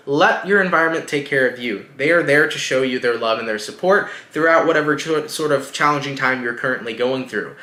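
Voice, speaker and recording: A man's voice: mid-range voice, pushed and bright, roomy sound. A man giving a casual tarot reading, speaking reassuringly and straight to the viewer. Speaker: tarot reader.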